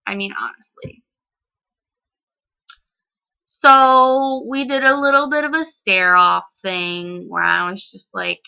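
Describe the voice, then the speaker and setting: A woman's voice: medium pitch, slow pace, gravelly, pushed and bright. A woman vlogger telling a story in a casual, indignant, rambling way, full of "like". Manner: indignant and rambling, heavy use of "like". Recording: slightly dull lo-fi recording.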